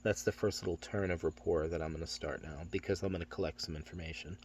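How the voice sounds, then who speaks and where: A middle-aged man training insurance telesales agents, talking through a phone script in a steady, matter-of-fact way and acting out the salesman's lines. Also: low-pitched, quick pace, hardly any pauses, husky.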